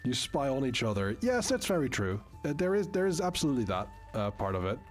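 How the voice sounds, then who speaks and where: A man's voice: mid-range voice, sing-song, a little fast, faint music behind. A man streaming a game live, chatting casually with viewers in a rambling way, full of fillers and restarts.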